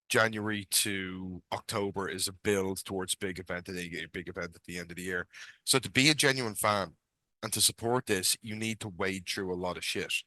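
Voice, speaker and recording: A man's voice: low-pitched, pushed and bright, no room sound. A man co-hosting a podcast, giving opinionated, enthusiastic film talk in casual chat. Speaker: podcast co-host.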